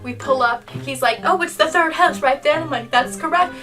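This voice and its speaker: A woman's voice: high voice, normal speed, distant mic. A young woman vlogger telling an exasperated storytime tale, peppering it with "okay?" over background music. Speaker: YouTuber. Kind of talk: storytime vlog.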